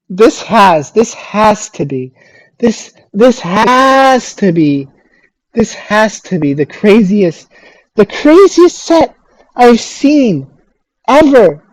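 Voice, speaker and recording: A woman's voice: darkish tone, no room sound, rough recording. A woman making a solo reaction video, incredulous and exasperated, stammering and repeating herself in disbelief. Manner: stammering restarts, sudden high squeaks. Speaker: video creator reacting to a competitive battle.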